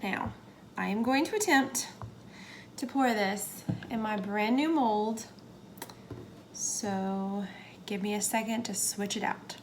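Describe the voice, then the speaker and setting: A woman's voice: mid-range voice, takes it slowly, long pauses. A young woman narrating a soap-making session in a chatty, hesitant way, dropping to a whisper now and then. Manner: chatty, hesitant, drops into whispers while working. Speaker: soap maker. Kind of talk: casual how-to narration. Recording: faint background noise.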